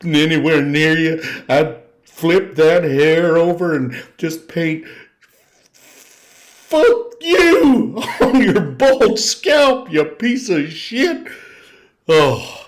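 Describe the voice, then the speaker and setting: A man's voice: fairly high pitch, very animated, extremely slow. Furious ranting man with a put-on drawl. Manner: furious, loud bursts of shouting and cursing. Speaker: comedian playing a ranting character. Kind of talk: character stand-up rant.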